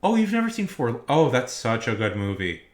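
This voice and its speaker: A young man streaming live, chatting casually and rambling with many fillers, getting loud when he rants. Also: mid-range voice, very animated, moderate pace.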